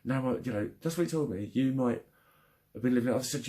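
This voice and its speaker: A man's voice: mid-range voice, fairly quick, dark tone. A young man venting angrily in a personal vlog, swearing heavily and retelling a frustrating phone call. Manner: angry, frustrated, heavy swearing. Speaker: vlogger. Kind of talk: ranting vlog.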